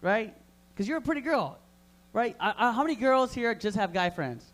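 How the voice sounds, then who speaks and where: A man with a high-pitched voice working the crowd at a live open mic. His stand-up is crude and loud, full of hyped banter thrown straight at the audience. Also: expressive, moderate pace. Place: live comedy room in a vapor lounge.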